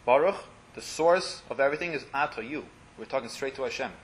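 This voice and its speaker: Speaking a little fast in a mid-range voice, a man leads a small religious class, translating Hebrew blessings line by line in an explanatory way. He frequently trails off into a murmur, and there's slight background noise.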